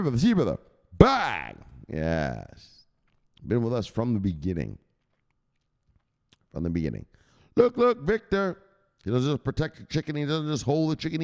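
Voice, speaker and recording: A man hosting a crypto news show as a casual livestream, hyped and profane, shouting out viewers. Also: medium pitch, creaky. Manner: talks straight to viewers, gives shout-outs. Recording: echoey room with long reverb.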